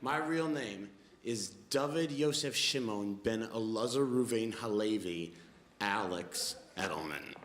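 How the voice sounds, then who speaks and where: A man in his twenties with a mid-range voice performs stand-up on a comedy club stage before a laughing audience. He tells stories quickly and wryly, acting out other people's lines, in an echoey room with audible noise.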